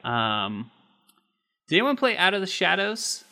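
Bright-voiced joking man on a podcast. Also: sits high, huge pitch swings, unhurried. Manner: joking, laughs often, swears casually. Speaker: podcast co-host. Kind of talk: casual chat.

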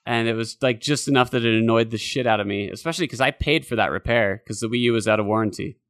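A man hosting a podcast, talking in a loose, rambling way and swearing casually, with a hoarse voice. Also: medium pitch, fast, fairly bright tone, no echo, studio quality. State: hoarse, losing his voice. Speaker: podcast host. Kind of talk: casual chat.

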